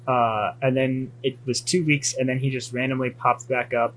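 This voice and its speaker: Young man recapping a comic, deadpan. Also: medium pitch, normal speed, a little hiss or hum, poor audio. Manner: deadpan, crude storytelling. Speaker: podcast host.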